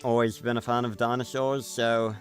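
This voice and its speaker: A male streamer talks casually over his gameplay, rambling with plenty of ums and restarts. His voice sits at an ordinary middle pitch. Faint game music plays quietly under him. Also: level tone, normal speed. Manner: chatty, rambling with many fillers. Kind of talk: casual gameplay livestream chat.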